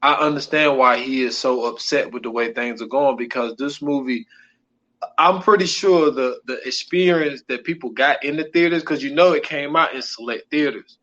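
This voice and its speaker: A man's voice: mid-range voice, normal speed, fairly bright tone, lo-fi sound. A man co-hosting a podcast in casual chat, loose and repetitive, leaning on "man" between phrases. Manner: loose, repeats himself, keeps saying "man". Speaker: podcast co-host.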